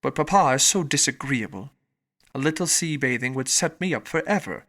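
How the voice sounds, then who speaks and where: A man's voice: mid-range voice, lively intonation, a little fast, a bit bright. A male narrator voicing a sulky teenage girl who complains in a whiny tone. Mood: peevish.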